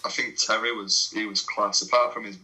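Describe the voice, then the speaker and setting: A man's voice: fairly low pitch, steady tone, a little fast, noisy background. A young English man, a non-league footballer, telling laddish stories in a casual podcast chat, swearing and laughing as he goes.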